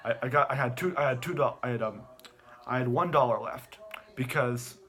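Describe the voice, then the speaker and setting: A young man giving an animated plot recap, stammering and repeating words as he goes. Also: mid-range voice, normal speed. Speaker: online video host.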